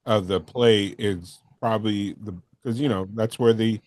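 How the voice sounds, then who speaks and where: A man guesting on a casual movie podcast, excitable and quick to laugh. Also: lowish voice, dry recording. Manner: excitable, laughs often, does loud voices in stories.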